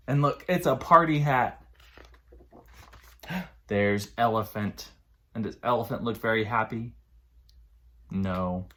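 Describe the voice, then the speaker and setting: A man runs a children's story time as a librarian, speaking in a playful, sing-song way. His pitch swoops up and down in a lively way as he talks to small children. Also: slow, long pauses.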